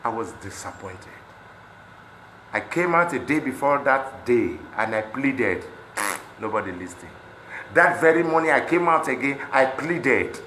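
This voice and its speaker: A Nigerian man with a Pidgin-inflected accent, speaking in an impassioned monologue that swings between loud outbursts and low muttering. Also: expressive, measured pace, a little hiss or hum. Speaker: celebrity speaking on protests. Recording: echoey room.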